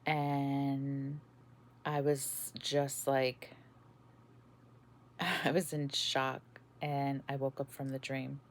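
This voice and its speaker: A woman podcast host telling about a dream in a casual, halting way, with many fillers and restarts. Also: extremely low pitch, flat delivery. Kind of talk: casual spoken testimony.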